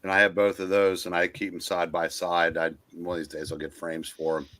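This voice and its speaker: An older man chatting casually about old comics, halting and restarting often as he reminisces. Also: sits low, flat delivery, fairly bright tone. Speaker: guest collector on a comic livestream. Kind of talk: casual chat.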